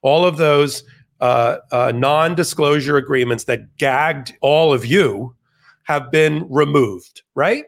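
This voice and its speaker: Male legal pundit guest; animated, argumentative, quick restarts, somewhat raised pitch. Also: vocal fry. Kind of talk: conversational interview.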